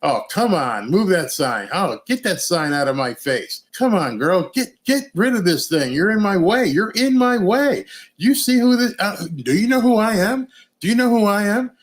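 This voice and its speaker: A man's voice: high voice, sing-song, moderate pace, pitched above the performer's own voice. A man voicing an irritated older woman at a rally who shoos someone out of her way. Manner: snippy, shooing, indignant.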